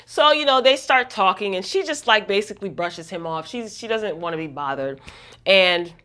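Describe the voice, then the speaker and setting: A woman's voice: mid-range voice, lively intonation, moderate pace, bright, forceful tone. A woman vlogger recapping a TV episode in a casual, gossipy way, talking straight to her viewers.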